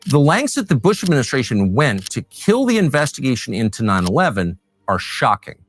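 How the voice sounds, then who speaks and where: A man reading a scripted documentary narration with a measured, pointed delivery. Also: mid-range voice, big pitch swings.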